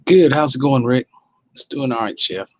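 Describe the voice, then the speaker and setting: A livestream host from the Southern United States casually reads and responds to viewer comments with a folksy touch. He speaks at normal speed in an expressive, medium-pitched voice, with slight background noise and poor audio.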